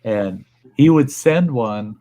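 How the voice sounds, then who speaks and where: A man's voice: mid-range voice, slow. A man hosting a casual online chat, telling a long farm story with plenty of swearing and acting out the people in it. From Upper Midwest United States. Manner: profane, animated storyteller acting out quoted people. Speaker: host.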